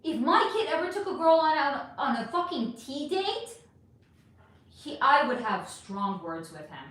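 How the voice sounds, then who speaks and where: Woman, middle-aged, livestream host, fairly high voice, animated and ranting, very echoey room. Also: measured pace. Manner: animated, ranting, swearing, reads viewer comments aloud. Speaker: livestream host reading chat. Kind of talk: casual livestream chat. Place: home room.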